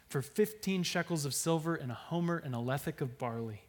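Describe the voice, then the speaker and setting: A man preaching a sermon. His delivery swings between hushed, near-whispered lines and loud, emphatic readings of scripture. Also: fairly high pitch, a little fast, few pauses.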